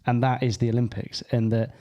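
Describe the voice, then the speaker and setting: A man's voice: mid-range voice, flat delivery, fairly quick, warm tone, muffled recording. A British man co-hosting a golf podcast, chatting casually and agreeing readily, with lots of repeated yeahs. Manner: agreeable, repeats "yeah" a lot. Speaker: podcast co-host. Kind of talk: casual chat.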